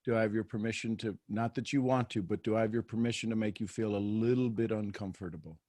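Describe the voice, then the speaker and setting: A man hosting a live group call, coaching a caller and gently asking her permission before he guides her. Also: on the low side, steady tone, fast, no room sound, studio quality. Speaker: host and coach.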